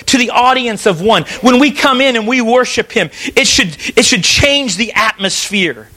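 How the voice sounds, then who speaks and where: A man's voice: very high-pitched, moderate pace, few pauses, sharp tone, low-quality recording. A man preaching a sermon in church, reading scripture aloud and pressing his points with emphatic restarts. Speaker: pastor.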